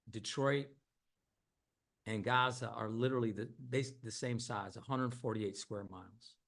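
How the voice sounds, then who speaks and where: Gravelly middle-aged man, impassioned speech. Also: medium pitch. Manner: earnest, impassioned, repeats words. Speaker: Senate candidate. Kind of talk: campaign speech.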